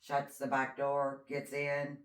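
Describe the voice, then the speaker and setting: Very deep-voiced woman retelling a case. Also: slow pace. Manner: animated storyteller, acts out quotes. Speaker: podcast co-host. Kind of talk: casual chat retelling a true crime case. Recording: roomy echo, distant mic.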